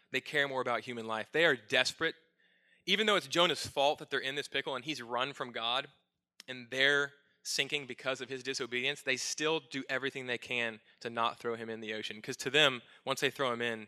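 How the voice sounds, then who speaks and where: A man's voice: mid-range voice, bright, forceful tone. A middle-aged male pastor preaching a sermon, earnest and self-searching with touches of light humor.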